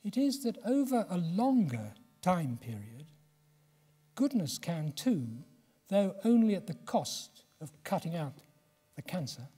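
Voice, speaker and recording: A man in his seventies from England giving a reflective public lecture, measured and slowing for emphasis. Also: sits high, sing-song, mellow, husky. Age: 70s. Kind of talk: public lecture and poetry reading. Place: lecture hall. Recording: long hall reverb.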